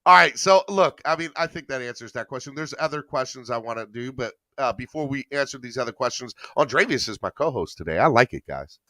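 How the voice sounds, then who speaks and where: A man hosting a sports podcast in casual chat, animated, laughing often and repeating his words. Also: medium pitch, a little fast, few pauses, dry recording. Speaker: podcast host.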